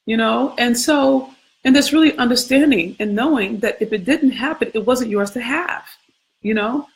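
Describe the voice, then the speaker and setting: A woman's voice: a little high, moderate pace, gravelly. A woman hosting a casual scripture contemplation, talking conversationally with frequent questions, profanity and laughter. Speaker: host.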